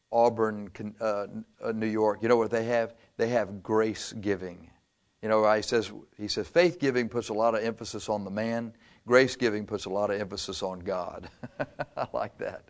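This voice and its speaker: A male pastor preaching a sermon in a conversational way. He chuckles often and reads scripture aloud. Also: medium pitch.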